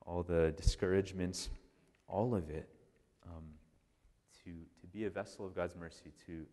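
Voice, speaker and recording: A man, a priest, giving a casual, animated storytelling talk full of restarts and "like". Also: low-pitched. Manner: animated, conversational, many restarts and "like". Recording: long hall reverb.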